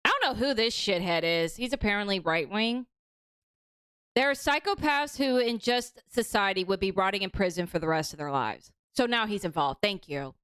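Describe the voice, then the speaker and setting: A woman's voice: medium pitch, expressive, normal speed, fairly bright tone, smooth, no echo. A young adult woman hosting a casual commentary livestream, talking bluntly with lots of swearing. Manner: blunt, profane, ranting. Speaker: stream host.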